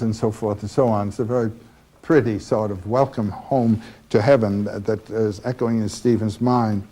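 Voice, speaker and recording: A man lecturing on a novel, talking slowly and haltingly with many fillers. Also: lowish voice, steady tone, dark tone. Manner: slow and halting with frequent fillers. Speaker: literature lecturer.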